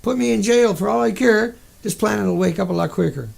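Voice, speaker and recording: Angry vlogger guy ranting, real gravelly voice, pretty high pitched, sarcastic and cussing. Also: fairly quick, a little mellow. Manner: indignant, profane, sarcastic. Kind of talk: angry monologue rant.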